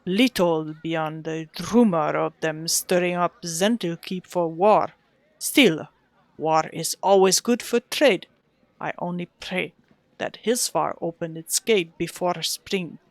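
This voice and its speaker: A woman's voice: fairly low pitch, takes it slowly, dry recording. A woman voicing a pompous, scheming male wizard with a put-on Russian-like accent, reading game dialogue aloud. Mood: condescending. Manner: pompous, condescending, faking politeness.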